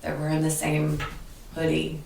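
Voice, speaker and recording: A woman teacher telling classroom stories in an earnest, animated way during an interview. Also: deep voice, a little slow, gravelly. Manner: earnest, animated storytelling with restarts. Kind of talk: conversational interview. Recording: echoey room, distant mic.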